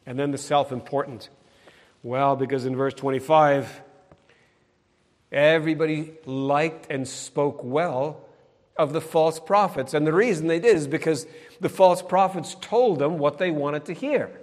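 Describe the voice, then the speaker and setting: A middle-aged male preacher delivers a sermon in a slightly higher-than-usual voice. He is emphatic and pointed, and he needles his listeners with sarcastic tag questions. A long reverb from a large hall trails after each phrase. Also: measured pace, a little mellow.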